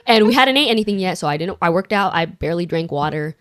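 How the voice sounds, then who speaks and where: A young woman co-hosting a podcast, telling stories in a casual, animated way with lots of fillers. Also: fairly low pitch, quick pace, no echo, studio quality. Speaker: podcast co-host. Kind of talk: casual chat.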